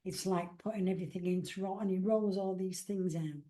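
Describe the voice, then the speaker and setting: A woman's voice: fairly low pitch, normal speed, mellow. A woman from England, a psychic medium and author, chatting in a rambling way and acting out the dialogue she recalls. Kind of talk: casual storytelling interview.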